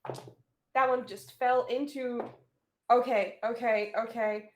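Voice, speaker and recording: A woman playing a tabletop role-playing game, talking in a halting way full of fillers and swearing. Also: a little high, fairly even intonation, a little hiss or hum. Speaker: player.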